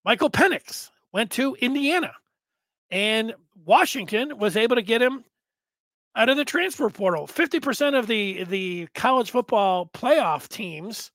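A man hosting a sports talk show, rambling in a casual monologue with sudden loud bursts. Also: extremely high pitch, no room sound.

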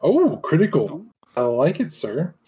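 A man running a tabletop game as game master, talking in a relaxed way with many fillers. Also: on the high side, unhurried.

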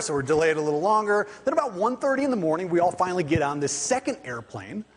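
A man preaching a sermon in church, telling a story in a conversational, animated way and acting out the people in it. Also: a little high, fast talker, hardly any pauses, a little hiss or hum. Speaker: pastor. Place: church sanctuary. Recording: long church reverb.

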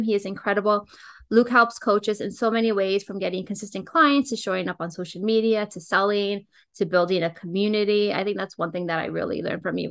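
Podcast host lady, super enthusiastic, chatty, middle pitched voice. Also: fairly bright tone. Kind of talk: casual podcast interview.

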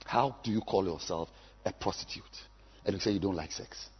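A man, preaching a sermon as a pastor, swinging from low musing to loud exhortation. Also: brisk, breathy edge, lo-fi sound. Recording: long hall reverb.

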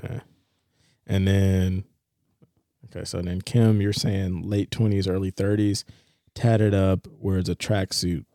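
Male co-host with a low voice, dry close sound, steering the chat and reading lines aloud. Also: flat delivery, slow pace, pauses often, dark tone, no echo. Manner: leads the session, reads out script lines. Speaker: podcast co-host. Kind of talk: casual chat.

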